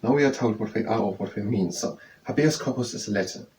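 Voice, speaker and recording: Man slowly explaining a study text. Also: on the low side, a little mellow. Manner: slow, repetitive explaining, thinking aloud. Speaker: study tutor. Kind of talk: explaining lesson with yoga breaks. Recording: faint background noise, mic at a distance.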